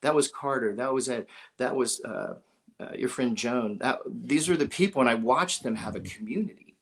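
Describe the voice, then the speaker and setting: A man's voice: mid-range voice, normal speed. A middle-aged man from Ohio, a musician as an interview guest, telling stories animatedly, acting out the voices of the people he quotes and chuckling often. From Dayton, Ohio. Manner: animated storyteller who acts out quoted voices, with frequent chuckles. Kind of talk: storytelling in a conversational interview.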